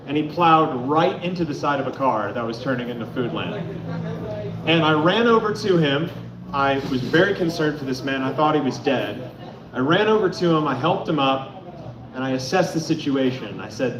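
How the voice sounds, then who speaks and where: A man from Atlanta performing stand-up on a club stage, his voice a little high and full of sudden bursts. He sounds far from the mic, with a roomy echo and a noisy hum behind him. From Atlanta, Georgia. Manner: loud, animated storytelling with sudden shouts. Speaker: stand-up comic. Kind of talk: stand-up comedy set.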